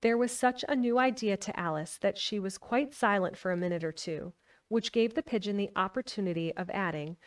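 Female streamer, casual reader, chatty and giggly, mid-pitched voice, sits back from the mic. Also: brisk, far from the mic. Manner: chatty, giggly, trailing off with fillers. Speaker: streamer reading aloud. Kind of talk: casual chat and book reading.

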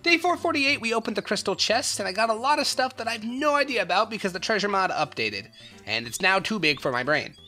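A young man swinging wildly between mumbled asides and sharp, bright outbursts as he narrates his game. His voice leaps all over the place and swears freely at the monsters. Light music plays under him. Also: high voice, fast talker. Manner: excitable, swears, yells at the game. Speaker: gaming YouTuber. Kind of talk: narrated gameplay commentary.

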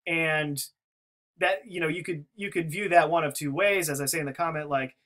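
A man's voice: a little high, moderate pace, bright, forceful tone. A man talking through a theory in casual spoken commentary, rambling with many restarts and fillers. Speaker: video commentator.

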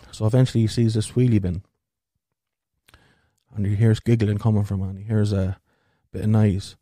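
A man's voice: on the low side, flat delivery, moderate pace, long pauses, warm tone, dry recording, studio quality. A man with a stutter hosting a podcast, telling crude, rambling jokes and swearing freely. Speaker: podcast host.

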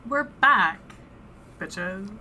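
Bright, playful woman podcaster. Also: medium pitch, animated, very slow, slight background noise. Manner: playful, jokey. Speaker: podcast co-host. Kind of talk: casual chat.

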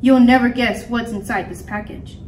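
Mouse pilot hero, male, bold, shouting, read by a woman, echoey room. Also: on the high side, steady tone, normal speed, slight background noise, lightly acted. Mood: teasing. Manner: shouting, teasing. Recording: echoey room, mic far off.

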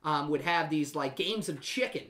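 A man's voice: a little high, normal speed, pushed and bright. A man hosting a podcast, chatting casually with crude, teasing jokes. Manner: joking, teasing, crude banter. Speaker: podcast host.

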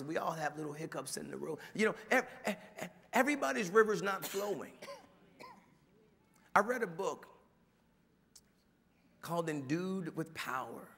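A male pastor preaching a sermon in a church, animated, dropping to quiet asides and rising to shouted mimicry. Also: fairly high pitch, big-room sound. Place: church sanctuary.

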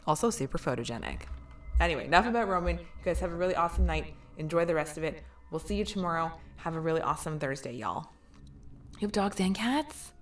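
Low-voiced woman chatting with her stream. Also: lively intonation, fast. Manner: joking and chatty, swears freely. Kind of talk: casual live-stream chat with viewers.

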